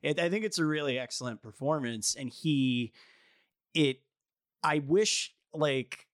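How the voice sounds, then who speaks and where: A man's voice: a little high, measured pace, no room sound, studio quality. A man co-hosting a casual film podcast who muses hesitantly, with many fillers and restarts. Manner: hesitant, filler-heavy musing. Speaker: podcast co-host.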